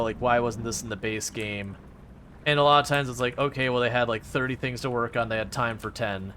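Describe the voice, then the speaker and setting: A chatty man talks casually to his stream, rambling with fillers and teasing the game. His voice is mid-pitched and bright. A faint noise runs underneath. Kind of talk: casual live-stream chat.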